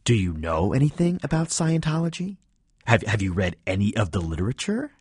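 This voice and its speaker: A man's voice: on the low side, very animated, brisk, darkish tone, husky, no room sound, studio quality. A man putting on a falsely cheerful, irritated voice as a prankster.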